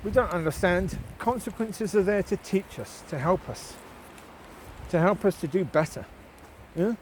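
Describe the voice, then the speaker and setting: A man's voice: high voice, expressive, a little slow, a little mellow, a little hiss or hum, rough recording. A man giving a casual, rambling spoken devotion while walking his dogs outdoors, often adding tag questions for the listener. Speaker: lay Christian vlogger.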